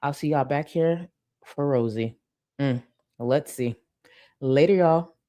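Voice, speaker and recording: A woman YouTuber giving blunt, profane casual commentary who sometimes bursts into excited shouting. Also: deep voice, slow pace.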